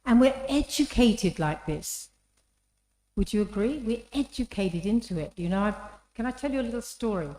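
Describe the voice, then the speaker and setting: A woman with a slightly high, warm voice and lively intonation gives an inspirational talk at a moderate pace, telling stories engagingly and often putting questions to the audience. The hall she speaks in is echoey.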